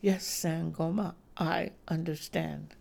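A woman voicing a drugged, hypnotized person who answers in a flat, robotic way. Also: deep voice, slow pace, creaky, heavily acted. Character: drugged hypnotized adult, compliant and dazed.

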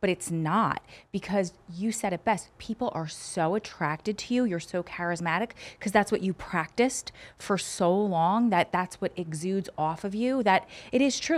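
A woman co-hosting a podcast, chatting casually and telling lively stories that wander into tangents. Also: on the low side. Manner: animated storytelling, quick tangents. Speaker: podcast co-host. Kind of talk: casual chat.

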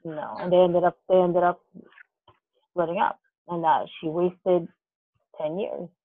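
A woman's voice: fairly low pitch, flat delivery, measured pace, no room sound. Woman on a dry phone-like line. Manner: curious, giggly questioner. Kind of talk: casual podcast chat.

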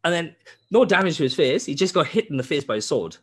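A man chatting on a podcast about a game he plays. He tells the story in an animated, sweary way, restarting his sentences as he goes. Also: fairly high pitch, fast talker, breathy edge. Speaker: podcast host. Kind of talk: casual gaming chat.

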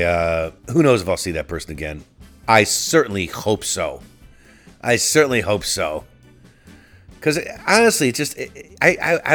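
A middle-aged man with a low voice rants through a solo podcast monologue, swearing freely and stumbling over restarts as he tells his story. Faint music sits under his voice. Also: fairly bright tone. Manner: profane, ranting, frequent restarts. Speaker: podcast host.

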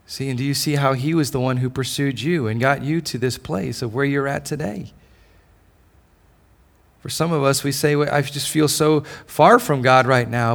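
A man's voice: mid-range voice, vocal fry. A man preaching a sermon in a church service, passionate, asking the congregation repeated questions and often restarting his phrases. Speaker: pastor.

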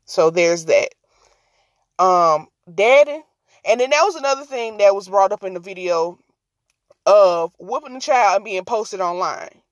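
A woman's voice: medium pitch, a little slow, dry recording. A woman giving casual, brash commentary on a vlog, scolding and joking, then talking herself down. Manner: sassy, brash, talks to herself to calm down. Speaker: vlogger.

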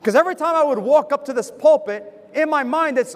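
A man, a pastor giving a sermon from the pulpit in fast, animated personal storytelling. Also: very high-pitched, big-room sound. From United States. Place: church with a pulpit.

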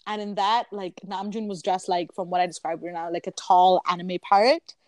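Young woman co-host, animated storyteller, acts out quotes, laughs easily; dry, close recording. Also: on the low side, brisk, dry recording. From Canada. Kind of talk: casual chat.

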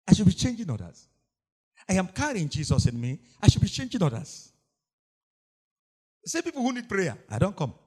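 A man's voice: fairly high pitch, husky. A man preaching a sermon, repeating lines and laughing often as he tells his stories. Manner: animated preaching with frequent laughter and repetition.

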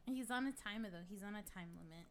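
A woman's voice: medium pitch, fast, heavy background noise, close to an everyday voice. A woman playing a brash, crude middle-aged gossip in a comic sketch, rambling through a story with plenty of swearing. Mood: brash, gossipy. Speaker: guest.

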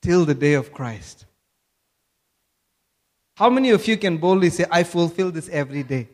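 A man's voice: a little high, animated, normal speed, darkish tone. A man from Kerala, India, preaching a sermon and asking the congregation questions. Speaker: pastor.

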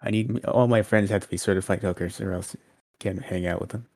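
A man co-hosting a wrestling podcast, quick and sarcastic in casual chat. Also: fairly low pitch, steady tone, darkish tone, no room sound, studio quality. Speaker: podcast co-host.

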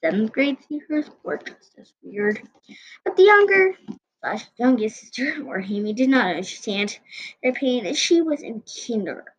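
A woman's voice: on the high side, very animated, normal speed, slightly rough. Woman reading a storybook aloud. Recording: dull lo-fi recording.

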